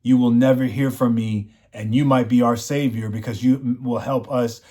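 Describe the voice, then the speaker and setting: Excited man recapping a show. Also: medium pitch, normal speed. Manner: enthusiastic, retells scenes with quoted lines. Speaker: show reviewer.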